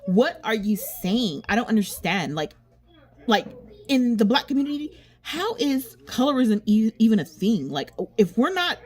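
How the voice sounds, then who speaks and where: A woman's voice: on the high side, sing-song, measured pace, darkish tone. Rambling, candid woman chatting. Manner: rambling and candid, with frequent swearing; restarts and repeats herself often. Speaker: beauty vlogger. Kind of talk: casual chat while doing makeup.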